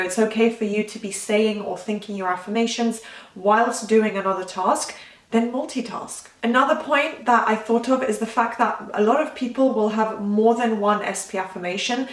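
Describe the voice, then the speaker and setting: A woman's voice: on the high side, moderate pace, echoey room, recorded from a distance. A woman manifestation coach giving casual talking-head advice in a rambling, chatty way, often stopping to correct herself.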